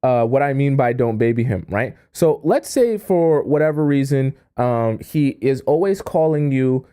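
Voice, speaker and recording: Male livestream advice host with a dark, mellow tone, who talks casually and checks in with the chat. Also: medium pitch, animated, measured pace, smooth. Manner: conversational, repeats "right?" and reads chat comments aloud.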